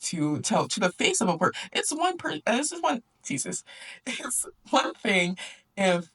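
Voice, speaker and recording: A woman's voice: mid-range voice, big pitch swings, measured pace, a bit bright, husky, far from the mic. A young woman hosting a book club, recapping a story in a chatty, sarcastic way, often laughing and acting out the characters. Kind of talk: casual book recap and commentary.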